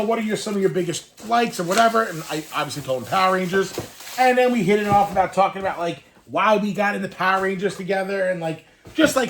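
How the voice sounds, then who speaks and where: A man's voice: high voice, a bit bright, slight background noise. A man in his thirties, a toy collector, telling an emotional childhood story to camera in a rambling, wistful way that chokes up at times. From Northeastern US. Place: room full of collected toys.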